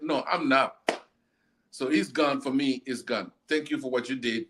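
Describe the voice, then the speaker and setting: A man's voice: medium pitch, moderate pace, a bit bright, a little hiss or hum. A man hosting a casual football chat, ranting bluntly and repeating himself as he argues.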